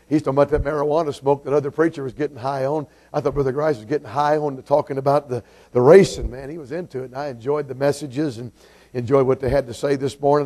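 A man from Georgia, a guest preacher telling folksy stories from the pulpit. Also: mid-range voice. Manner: folksy storyteller, warm asides to the congregation. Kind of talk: sermon with humorous story.

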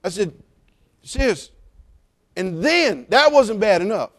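A middle-aged man preaching at a church service, teasing the congregation with jokes and rising to loud exclamations. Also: high-pitched, big pitch swings, takes it slowly. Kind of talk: sermon with humorous asides.

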